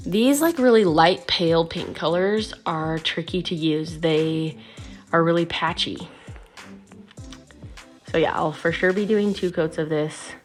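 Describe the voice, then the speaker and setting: Speaking a little slowly in a lowish voice over soft background music, a woman at home hosts a nail tutorial on applying her nails. She's chatty, friendly, and instructive, slightly out of breath, and keeps saying "um" and "like."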